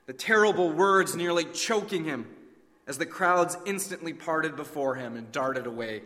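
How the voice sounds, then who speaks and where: A man preaching a sermon as a dramatic story, sinking to a hush and then crying out. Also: fairly high pitch, normal speed. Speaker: pastor. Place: church sanctuary. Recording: long reverb of a large hall.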